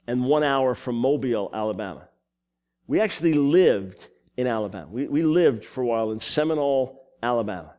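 New york guy preaching, telling stories, voice jumping up and down, lots of asides. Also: medium pitch. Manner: animated storytelling, quick asides and self-corrections. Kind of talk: sermon with personal stories.

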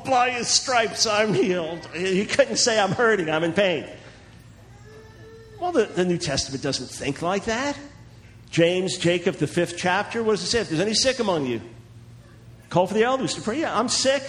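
A man preaching in a sermon-style teaching talk, animated and chuckling, acting out the voices of the people he quotes. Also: high-pitched, slight background noise.

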